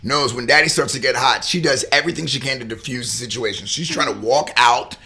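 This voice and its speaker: A man hosting a talk show and telling a lively story about his children, acting out each person and growing loud as it builds. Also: mid-range voice, fast talker. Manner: animated, acts out each person in the story and rises to near-shouting. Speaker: show host and father.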